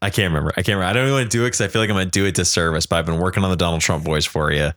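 A man's voice: low-pitched, steady tone, rapid-fire, a bit bright. A drunk man hosting a casual podcast, rambling, swearing and losing his train of thought. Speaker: podcast host.

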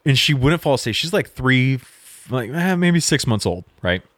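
A man's voice: medium pitch, very animated, normal speed, fairly bright tone, no room sound. A young man, a podcast co-host, telling a long story in casual chat, quoting people and swearing freely. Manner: storytelling with swearing and quoted dialogue.

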